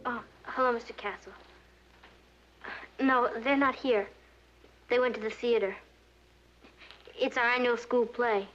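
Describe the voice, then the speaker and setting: A woman's voice: on the high side, steady tone, measured pace, long pauses, a bit bright, soft background music. An actress playing an earnest, polite teenage girl who speaks sincerely and eagerly, in dull archival TV audio. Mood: nervous. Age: teens. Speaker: sitcom character.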